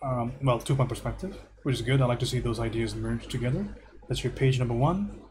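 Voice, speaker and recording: A man teaching art on a livestream, going through student homework and giving relaxed, encouraging feedback. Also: mid-range voice, a little fast, background noise. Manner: relaxed and encouraging, thinks aloud with repeated praise.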